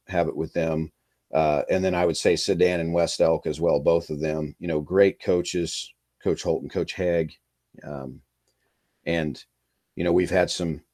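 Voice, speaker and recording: A man who coaches high school football, talking in a rambling, easygoing way with lots of fillers and restarts. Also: darkish tone, no room sound, studio quality. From Kansas. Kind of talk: casual podcast interview.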